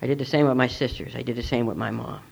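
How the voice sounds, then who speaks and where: A man's voice: mid-range voice, fast, gravelly, breathy edge. A middle-aged man giving a personal testimony at a recovery meeting, earnest and reflective as he tells his story. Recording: dull lo-fi recording.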